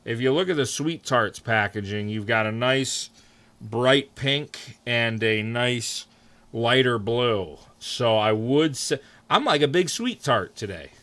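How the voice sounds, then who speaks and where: A young man streaming, chatting casually with his viewers, swearing freely and jumping into mock outrage. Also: slow. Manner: animated, swears freely, answers chat, jumps into high mock outrage. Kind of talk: casual live-stream chat.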